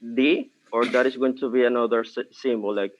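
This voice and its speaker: A man's voice: medium pitch, fairly even intonation, fairly quick. A male student politely asking his professor a question in class, speaking hesitantly with fillers. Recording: tinny phone-like call audio.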